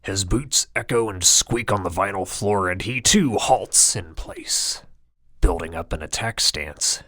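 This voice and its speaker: A man's voice: low voice, a little slow, sharp tone, no room sound, clean studio sound. A man narrating a comedic story in a grandiose, mock-heroic, theatrical way. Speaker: audiobook narrator and author.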